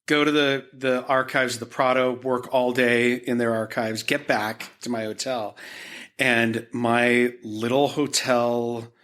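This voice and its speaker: Male art historian guest, Utah-raised, bright forceful tone, chatty storyteller who restarts often. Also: mid-range voice, takes it slowly. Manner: animated anecdotes with many restarts and filler. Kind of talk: conversational storytelling.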